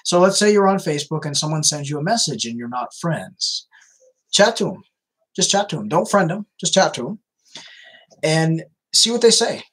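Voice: medium pitch, sing-song, moderate pace, fairly bright tone, slightly rough, rough recording. A video host answering viewer questions in a casual chat, talking loosely with many restarts. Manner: chatty, repeats "you know", frequent restarts.

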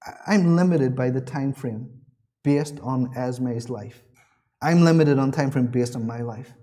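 A man's voice: mid-range voice, a little slow, warm tone. A man preaching a sermon in a church, earnest and repeating his key phrases, with small restarts.

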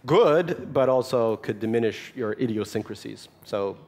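A man's voice: medium pitch, expressive, normal speed, darkish tone. A man in his forties, from Russia, answering audience questions at a festival talk with wry, self-mocking humor. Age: 40s. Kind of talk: live festival Q&A, joking.

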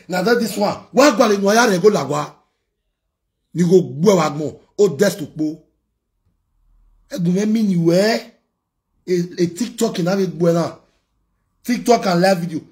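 Fiery Nigerian man ranting with a higher voice. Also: a little mellow. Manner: heated, warning and scolding. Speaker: blogger. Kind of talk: ranting vlog monologue.

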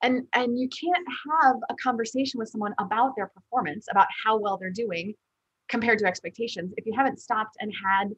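Woman host, earnest conversational interviewer, husky and slightly high, dry lo-fi sound. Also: quick pace, no echo. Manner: earnest, repeats words as she thinks aloud. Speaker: podcast host.

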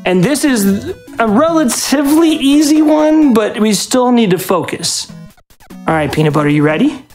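A man runs a live speedrun alongside his dog, giving doting, coaxing commands and explaining the game between them. His pitch swoops widely, rising and falling from word to word. Faint music plays behind him. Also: sing-song, moderate pace. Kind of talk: live marathon speedrun talk.

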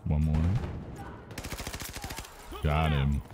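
A man with a blend of Birmingham and Irish in his accent, swearing and laughing through quick call-outs to a teammate. His voice sits extremely low. Faint noise hums behind him. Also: fairly even intonation. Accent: mix of Birmingham and Irish. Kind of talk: casual gaming chat.

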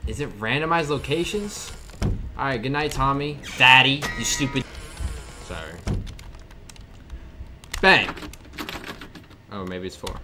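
A man's voice: medium pitch, lively intonation, unhurried, long pauses, noisy background. A man hosting his own gaming channel, giving casual let's-play commentary and joking back at the game's characters. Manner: jokey, talks back to game characters. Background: game music.

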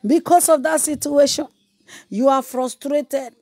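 A woman evangelist preaching with a high voice. She presses her points through emphatic repetition and breaks into fiery prayer. The sound is dry and close, with no room echo. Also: fairly even intonation, unhurried. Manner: emphatic and repetitive, shifting into loud praying in tongues.

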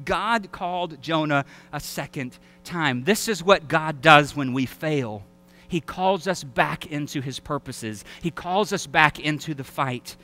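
A male pastor with a Southern American accent, preaching an animated sermon that acts out voices and quotes. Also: a little high, unhurried. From Alabama. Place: church sanctuary.

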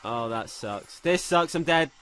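Excitable young man gaming. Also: fairly high pitch, a little slow, smooth. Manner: excitable, swears a lot, shouts when thrilled. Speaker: gaming commentator. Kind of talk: let's play commentary.

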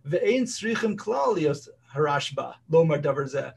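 A man's voice: fairly high pitch, big pitch swings, unhurried, creaky, breathy edge. A man teaching a casual study group, reading passages aloud and explaining them in plain English with frequent fillers. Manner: reads Hebrew text then explains it in English, with fillers. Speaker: Torah class teacher.

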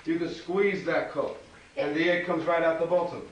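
A man's voice: on the high side, fairly even intonation, moderate pace. A man performing as a clown entertainer, telling a playful story and doing a magic trick for children, chatty and teasing. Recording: echoey, distant, noisy venue.

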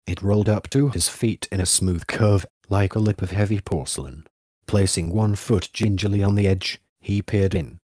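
A man narrating a literary novel as an audiobook in a measured, even way. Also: lowish voice, dry recording, clean studio sound.

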